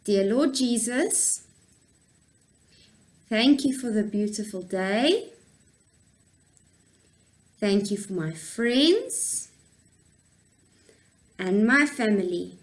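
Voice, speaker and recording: A woman teacher reading a Bible story and a prayer to young children, in a warm, encouraging, clear way. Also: mid-range voice, big pitch swings, very slow, long pauses, poor audio.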